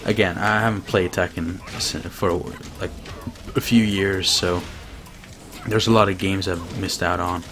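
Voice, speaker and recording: Excitable swearing male game streamer. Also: low-pitched, unhurried, over music. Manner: excitable, swears and laughs often. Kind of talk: casual gameplay commentary.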